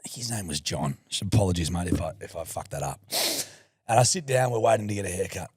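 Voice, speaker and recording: A man's voice: low voice, fast talker, husky, no echo. Crude jokey Australian man, dry close mic. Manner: crude, jokey storyteller, loud and lively. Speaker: podcast co-host. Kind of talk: casual chat.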